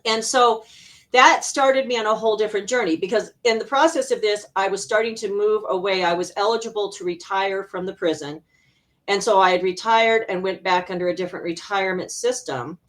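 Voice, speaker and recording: A middle-aged woman from Arizona speaks as a guest on an interview show, telling her own story about her work as an intuitive healer. She talks animatedly, laughs often and acts out the voices of people in her story. Her pitch sits in the usual middle range for a woman. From Arizona, USA. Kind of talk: personal storytelling in a conversational interview.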